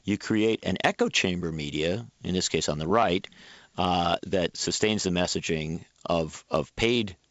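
A man speaking as a guest on a public radio talk show, making his points in an emphatic, animated way. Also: low-pitched, measured pace, dry recording, muffled recording. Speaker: guest commentator.

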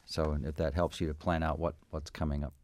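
A man hosting a local radio show, reading upcoming live events in a relaxed way with frequent fillers. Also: extremely low pitch, fairly quick. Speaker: radio host. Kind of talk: community radio announcements.

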